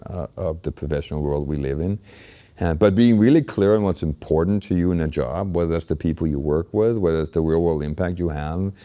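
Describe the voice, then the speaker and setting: A man's voice: very deep voice, dark tone. A middle-aged man giving reflective interview answers as a guest, thoughtful and full of "you know" fillers and restarts. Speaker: interview guest, healthcare innovation leader.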